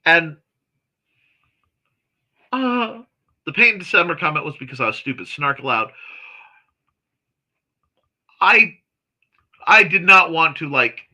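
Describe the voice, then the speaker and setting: Male stream host with a high-ish, very bright voice, chatty and quick with snarky jokes while greeting chat. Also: big pitch swings. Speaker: host of a morning livestream chat show. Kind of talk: casual livestream chat, reading viewer comments aloud.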